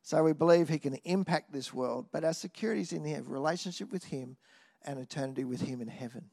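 A man preaching a sermon in an animated way, swinging from loud exclamations to quiet asides and often tossing in a "hey?". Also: fairly high pitch, fast, creaky.

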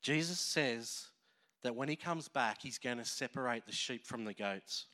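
A pastor delivers a sermon, telling a parable with emotion and energy and performing the characters' voices. His voice is mid-range and his pace moderate.

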